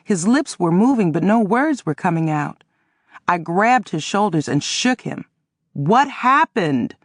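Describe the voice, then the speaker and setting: Low-voiced woman narrating an audiobook. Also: measured pace, no echo, clean studio sound. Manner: expressive, dramatic reading. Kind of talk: first-person audiobook narration.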